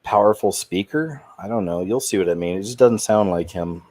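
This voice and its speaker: Male host, lowish voice, dry room, rambling and indignant monologue. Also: normal speed, darkish tone, dry recording. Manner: rambling, indignant, with trailing restarts. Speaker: channel host. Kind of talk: casual commentary monologue.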